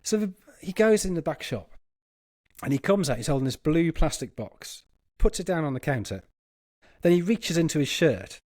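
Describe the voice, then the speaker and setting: Podcast panelist, lively storyteller, higher-pitched, close and dry. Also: male voice, moderate pace, no room sound. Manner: animated, laughing as he tells a story. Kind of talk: anecdotal storytelling.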